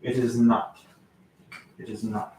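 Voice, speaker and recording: A man's voice: medium pitch, flat delivery, a little mellow, roomy sound, a little hiss or hum, rough recording. A man casually rambling in a vlog about his record collection, with lots of fillers and mutters to himself while he searches. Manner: rambling, halting, many fillers and self-talk while searching.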